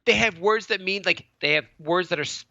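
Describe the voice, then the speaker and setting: Man in his thirties, podcast co-host; rambling, animated, bright edge, slightly high; lo-fi dry recording. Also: fairly quick, vocal fry, dry recording. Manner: rambling, animated, many restarts and stammers. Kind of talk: casual chat. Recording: dull lo-fi dry sound.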